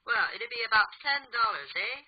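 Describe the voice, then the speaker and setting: A man's voice: animated, a little fast. A man voicing a male hockey-gear seller with a poor put-on Canadian accent, chirpy and ending lines with questions. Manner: chirpy sales pitch, tag questions. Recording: phone-distorted, dull.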